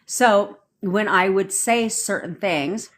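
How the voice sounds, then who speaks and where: A woman's voice: medium pitch, takes it slowly. A woman manifestation coach on a live stream, ranting bluntly and swearing casually while answering viewers' comments.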